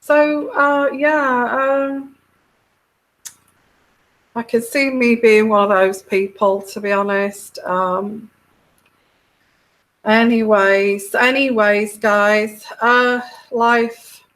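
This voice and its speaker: A middle-aged British woman chats slowly through her livestream, her voice sitting a little high. She meanders, full of ums and restarts, as she reads out comments to her viewers. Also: fairly even intonation, fairly bright tone, rough recording. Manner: meandering, hesitant with many fillers. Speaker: tarot livestream host. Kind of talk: casual livestream chat reading comments.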